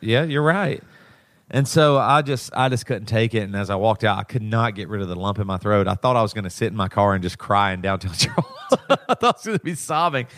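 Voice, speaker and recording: A man's voice: lowish voice, animated, brisk, a bit bright, no echo. A man in his thirties, a podcast co-host, telling a personal story in a rambling, emotional way with many restarts. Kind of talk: casual chat.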